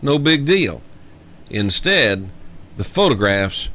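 A man hosting a show, giving an emphatic solo commentary and slowly repeating his key lines for effect. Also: on the low side, very animated, bright, forceful tone, a little hiss or hum. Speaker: show host. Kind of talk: monologue commentary. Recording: dull lo-fi audio.

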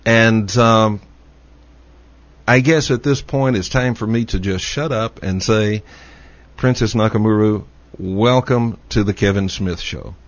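A man with a Texas drawl hosts a talk show, his voice sitting a little low. He talks unhurriedly and fills gaps with frequent "uh"s. The audio is dull and lo-fi. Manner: slow, halting, with many "uh" fillers. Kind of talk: radio talk show interview.

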